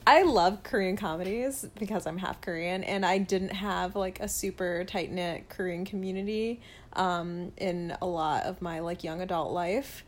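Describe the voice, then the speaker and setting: A woman's voice: lowish voice, moderate pace. Young woman, casual co-host, easy laugh, from Georgia, no twang. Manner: chatty, laughs easily, animated rises. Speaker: podcast co-host. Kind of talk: casual chat.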